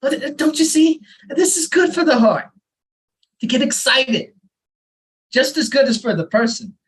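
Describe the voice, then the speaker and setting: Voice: mid-range voice, expressive, unhurried, fairly bright tone, breathy edge, low-quality recording. A performer voicing an elderly immigrant father who lectures earnestly, reading a story aloud at an open mic. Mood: insistent. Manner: fussy, insistent advice-giving.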